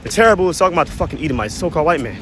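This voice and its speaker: A man's voice: a little high, big pitch swings, rapid-fire, a bit bright. Breathless dude preaching bible verses outside, cussing, keeps saying "man, right?", light street noise. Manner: reads scripture aloud then explains it in blunt, profane slang. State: short of breath. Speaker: religious commentator. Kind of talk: preachy street-corner scripture commentary.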